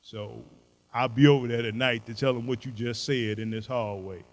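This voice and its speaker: A man's voice: mid-range voice, fairly even intonation, normal speed, poor audio. An older man giving a motivational keynote speech in a folksy, emphatic way, driving home short maxims. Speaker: keynote speaker.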